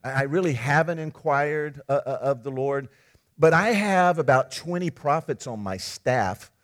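A man's voice: on the high side, lively intonation, unhurried. A man voicing a scheming, self-willed ancient king in a retold story, speaking casually with hedges and stammers. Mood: evasive.

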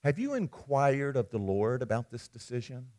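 Man doing a cautious old-time king, incredulous, loud and drawn out. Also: medium pitch, sing-song, close to an everyday voice. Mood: earnest. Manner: blunt, incredulous, drawn-out words. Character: cautious ancient king, skeptical and devout.

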